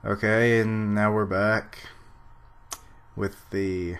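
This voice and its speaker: A man reading a manga chapter aloud on a live stream and commenting on it, with dry sarcastic asides and now and then clearing his throat. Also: fairly low pitch, level tone, drawn-out words. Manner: clears throat, mentions allergies. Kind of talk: casual live reading and reaction.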